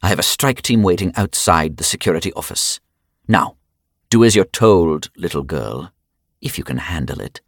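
A man's voice: sits low, lively intonation, moderate pace, creaky, no echo, studio quality, heavily acted. A man voicing a smug, condescending official with a German accent, spitting out his demands.

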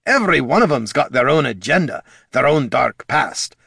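A man's voice: mid-range voice, big pitch swings, moderate pace, vocal fry, bright, forceful tone, husky, no echo, studio quality, pitched above the performer's own voice, full character voice. A man voicing a blunt, folksy veteran adventurer who worries about his party. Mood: earnest.

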